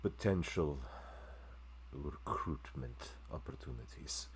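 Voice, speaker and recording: A man voicing a guarded male warrior who was sold off for experiments, speaking in quiet, halting recollection during a tabletop game. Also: a bass voice, lively intonation, a little hiss or hum, heavily acted. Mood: subdued. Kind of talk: in-character tabletop role-play.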